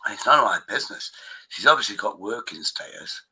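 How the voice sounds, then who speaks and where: A man's voice: fairly low pitch, expressive, a little fast, bright, forceful tone, breathy edge, poor audio. A man hosting a live stream, rambling in a casual, profane way. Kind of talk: casual chat.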